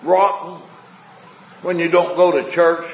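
High-voiced folksy preacher man. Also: level tone, takes it slowly, reverberant, muffled recording, a little hiss or hum. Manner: folksy, questioning the congregation with homespun jokes. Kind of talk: revival sermon.

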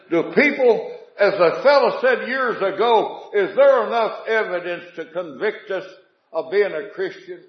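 A man's voice: sits high, lively intonation, moderate pace, roomy sound, lo-fi sound. A man preaching a revival sermon in a folksy way, asking the congregation questions and telling homespun jokes.

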